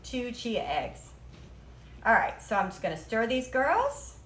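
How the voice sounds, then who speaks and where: A woman's voice: a little high, huge pitch swings, unhurried, fairly bright tone. A woman hosting a live cooking demo from her home kitchen, chatty and playful, slipping into silly rhymes as she works. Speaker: cooking show host. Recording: echoey kitchen with clattering dishes.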